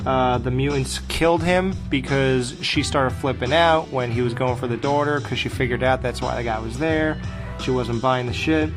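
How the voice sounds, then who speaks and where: A man co-hosting a casual film review podcast, swearing freely as he tells stories in an animated way. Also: medium pitch, normal speed, music in the background. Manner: profane, animated storytelling. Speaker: podcast co-host.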